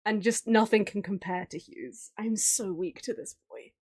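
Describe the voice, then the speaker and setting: A woman's voice: mid-range voice, steady tone, moderate pace, darkish tone, slightly rough. A woman streamer chatting casually while drawing, gushing and giggling often. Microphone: streaming mic.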